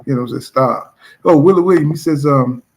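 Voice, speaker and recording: A man's voice: fairly high pitch, normal speed, creaky. A man hosting his own boxing channel, chatting casually and bluntly as he reacts to viewer comments, repeating fillers like "you know what I'm saying". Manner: blunt and profane.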